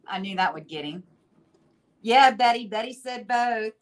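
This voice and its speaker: Brief: woman host, unhurried, chatty, thinks aloud while demonstrating glazes. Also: on the high side, expressive. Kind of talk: casual demo narration.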